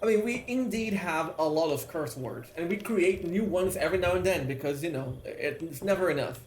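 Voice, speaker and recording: High-voiced man streaming a game. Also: a little fast, slight background noise. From Brazil. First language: Portuguese. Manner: excitable, swears freely, reads chat aloud. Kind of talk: casual live-stream chat while playing. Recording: roomy echo, faint game music.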